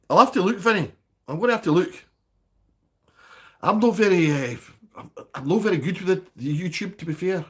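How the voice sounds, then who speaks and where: A man's voice: a little high, a bit bright, breathy edge. A man hosting a live stream, chatting casually and bantering with viewers by name. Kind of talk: casual livestream chat reading viewer comments.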